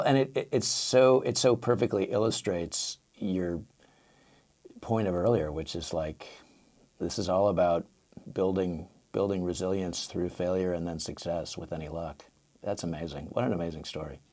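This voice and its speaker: A man hosting an interview who answers his guest with warm, affirming comments. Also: low-pitched, normal speed. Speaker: host, interviewer. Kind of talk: interview conversation.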